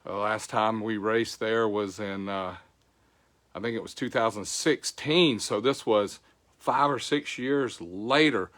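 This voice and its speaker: A man's voice: on the low side, slow pace, a bit bright. An older man hosting a casual livestream, folksy, greeting viewers by name. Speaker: show host. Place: home.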